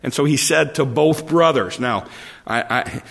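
A man preaching a conversational sermon, halting and often repeating his words as he explains the text. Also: medium pitch, vocal fry, fairly bright tone. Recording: long hall reverb.

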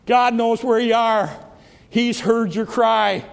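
A man preaching a sermon as a pastor, swinging from impassioned shouting down to hushed, pleading repetition. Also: very high-pitched, steady tone, slow pace, creaky. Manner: rises to impassioned shouts, drops to hushed pleas. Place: church sanctuary. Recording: long reverb of a church hall.

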